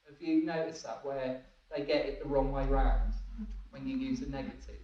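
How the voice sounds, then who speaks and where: A man's voice: mid-range voice, normal speed, dark tone, slight background noise. A man giving a training talk, often laughing and checking that his listeners follow. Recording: echoey room, distant dull mic.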